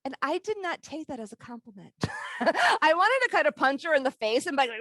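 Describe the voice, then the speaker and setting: A woman's voice: sits high, sing-song, brisk, fairly bright tone, no echo. A woman leading a live leadership workshop, teaching in a candid, storytelling way and laughing as she talks, heard over a video call.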